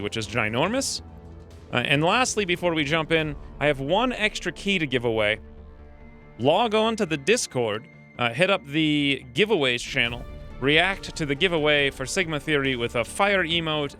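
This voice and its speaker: A gaming channel host records a let's play, his fairly high voice bright and forceful. He keeps up casual, upbeat commentary and lays out his plans as he goes.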